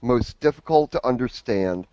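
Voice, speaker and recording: A man from the United States chats casually, often stumbling and restarting. His voice is mid-pitched and recorded dry and close. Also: expressive, normal speed, dark tone, dry recording, lo-fi sound. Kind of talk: casual chat.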